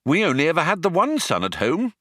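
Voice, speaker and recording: A man's voice: a little high, wildly swooping pitch, fairly quick, a bit bright, no room sound, clean studio sound, pitched above the performer's own voice. A man voicing a homesick, wistful human man in an audiobook, in an earnest, pleading tone.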